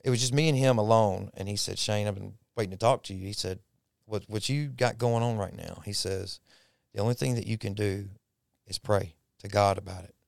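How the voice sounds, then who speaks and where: A man recounts his testimony in a low, gravelly voice. He talks in a folksy way and repeats himself when moved. The sound is close and dry. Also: a little fast, no echo. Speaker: podcast guest. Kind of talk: personal testimony storytelling.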